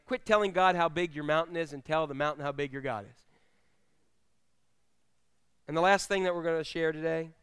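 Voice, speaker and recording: A man's voice: fairly high pitch, clear, resonant tone. A male pastor preaching a sermon at a church service, telling stories animatedly and acting out the voices of the people he quotes.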